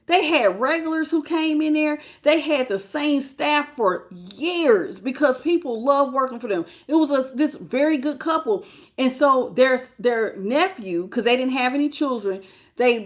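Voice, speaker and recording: A woman with a high, light voice gives a casual tarot reading straight to her viewers. She talks bluntly and colloquially and drifts into stories, calling her audience "y'all". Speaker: tarot reader.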